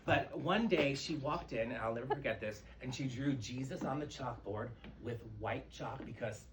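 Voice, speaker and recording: A man doing a stand-up comedy set on a club stage, telling campy, profane stories with big swings in pitch and energy. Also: moderate pace, noisy background. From New York. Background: audience laughter.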